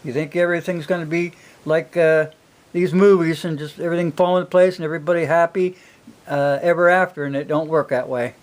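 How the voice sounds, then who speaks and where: Older guy, kinda high voice, rambling folksy stories about raising his kids, lots of uhs. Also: steady tone, brisk. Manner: rambling, folksy, many fillers. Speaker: single father telling stories. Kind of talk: casual storytelling.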